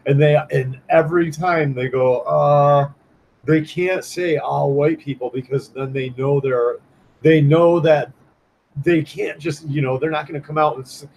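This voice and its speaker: A man's voice: a little high, fairly even intonation, unhurried, darkish tone, poor audio. A man chatting casually on a livestream as a comic artist, rambling and swearing, with many restarts and fillers.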